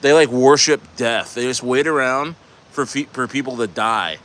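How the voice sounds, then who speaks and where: A man's voice: mid-range voice, normal speed, a bit bright. A man from New Jersey hosting a livestream in casual chat, rambling with many restarts. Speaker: livestream host.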